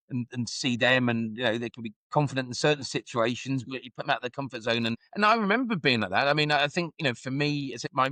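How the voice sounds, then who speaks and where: Man, middle-aged, podcast guest, reflective, middle pitch, dry close sound. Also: a bit bright, no echo. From England. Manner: reflective, full of "you know" and restarts. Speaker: guest, former football club executive. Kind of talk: podcast conversation.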